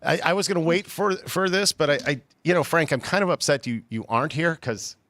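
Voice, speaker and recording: A man appearing as a comedian guest in a casual chat, rambling and stammering through deadpan jokes. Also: fairly high pitch, brisk, dry recording.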